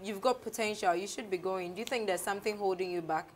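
A woman hosting a casual interview, upbeat and quick to exclaim, stacking up her questions. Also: mid-range voice, a little hiss or hum. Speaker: show host interviewing a rapper.

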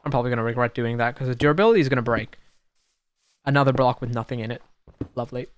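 Excitable young man narrating his gameplay. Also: medium pitch, racing, clear, resonant tone. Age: young adult. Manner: excitable, talks to mobs, sudden shouts and mutters. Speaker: gaming YouTuber. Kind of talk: casual gameplay commentary.

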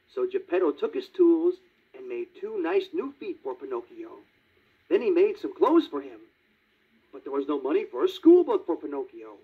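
A man's voice: fairly high pitch, normal speed, husky. Guy reading a kids book on an old record, bouncy voice, thin tinny phone-like sound. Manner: lively, friendly to children. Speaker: storybook reader. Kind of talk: read-along storybook narration. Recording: tinny 1950s vinyl record.

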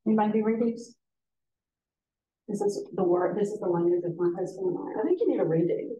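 An older woman with a drawl gives a relaxed, folksy training talk and slips into little voices to act out quotes. Her voice is mellow and dark, picked up from a distance in an echoey meeting room with a faint hum behind her. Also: mid-range voice, quick pace. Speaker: trainer presenting to foster care advocates. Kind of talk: casual workshop talk.

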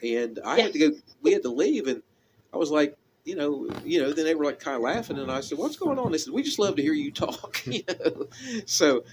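A man's voice: fairly high pitch, animated, fairly quick, noisy background. A man hosting a radio show, chatting casually with a caller in a Southern hill-country accent, rambling with many restarts. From American South. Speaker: radio host. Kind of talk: casual on-air chat with a caller.

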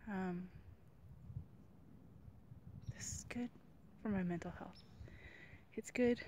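A woman's voice: mid-range voice, slight background noise. Breathless woman vlogging on a mountain trail. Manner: slow, heartfelt, often drops to a hushed whisper. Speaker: hiker vlogging alone. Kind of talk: reflective outdoor vlog.

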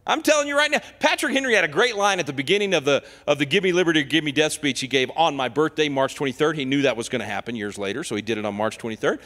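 Fiery high-voiced male preacher, echoing hall. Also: animated, very fast, few pauses. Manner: impassioned, swings from soft asides to loud declarations. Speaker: guest speaker. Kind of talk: fiery sermon. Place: church sanctuary.

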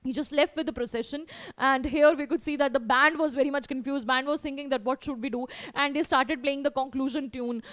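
A woman's voice: sits high, fairly even intonation, a little fast, fairly bright tone, no room sound, studio quality. A woman teaching an online class, reading a story aloud and explaining it in simple words. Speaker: English teacher.

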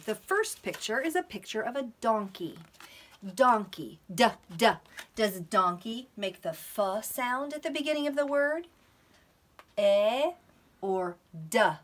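A woman teaching a preschool lesson to camera, in a slow, sing-song, animated teacher voice. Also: medium pitch, husky.

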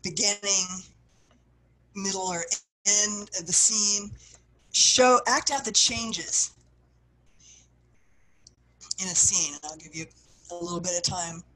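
A woman teaching a writing workshop, guiding her listeners through exercises and acting out the feelings she describes, with phrases that often trail off softly. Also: mid-range voice, unhurried, poor audio. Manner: expressive, acts out what she describes, soft trailing phrases. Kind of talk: guided workshop instruction.

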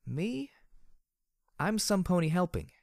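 Rampage type: a crude, cocky female pony brawler, as a male reader puts her on, high, swooping, slightly slurred, in a dry audiobook read. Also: big pitch swings, slow pace, gravelly, a little mellow, no echo, exaggerated voice. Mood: cheerful. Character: brutal cheerful armored female pony mercenary. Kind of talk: audiobook character voice.

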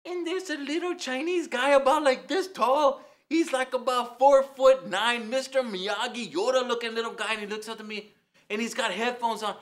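A man voicing a loud, brash Mexican taco-shop character with a Mexican accent, ranting through a rambling comic monologue. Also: very high voice, fairly even intonation, normal speed. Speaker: comedy character host.

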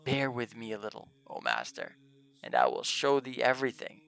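Man reading a defiant fallen demon, gravelly, mid-pitched, solemn old-fashioned speech. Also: big pitch swings, normal speed, fairly bright tone. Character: fallen male demon spirit, boastful and defiant.

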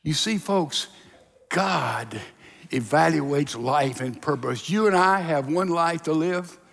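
A man's voice: a little high, expressive, slow, vocal fry, fairly bright tone, long reverb tail. A man preaching a sermon to a congregation, telling stories and acting out the voices in them. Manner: storytelling preacher, acts out voices in dialogue. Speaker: pastor. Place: church sanctuary.

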